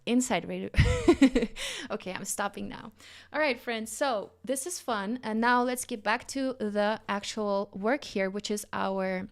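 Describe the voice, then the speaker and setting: A woman hosting a live design tutorial, bubbly and enthusiastic, a bit out of breath from excitement. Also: medium pitch, measured pace. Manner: bubbly and enthusiastic, frequent exclamations. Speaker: livestream design instructor.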